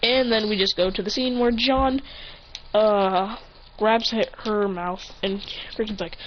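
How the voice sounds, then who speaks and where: A woman's voice: mid-range voice, fairly even intonation, a little slow, slight background noise. A young-sounding woman rambling through an improvised fan story, often correcting herself mid-sentence, on a lo-fi recording. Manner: rambling, restarts, self-corrections.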